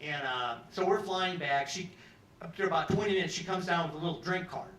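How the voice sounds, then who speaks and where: A man's voice: on the high side, brisk, fairly bright tone, slight background noise. A man telling a long comic story to a pub crowd, rambling and conversational, acting out what people said. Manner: rambling, conversational, acts out quotes. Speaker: storyteller at an open mic. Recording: roomy live pub sound from a distance.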